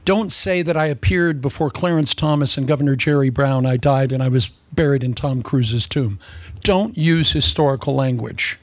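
A man preaching a humorous sermon, sarcastic and animated, slipping into mock voices. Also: mid-range voice, moderate pace, no echo.

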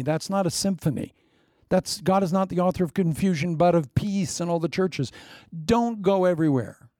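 A man's voice: high-pitched, dark tone, no echo, studio quality. A middle-aged man preaching a sermon as pastor, conversational and joking, with laughing asides.

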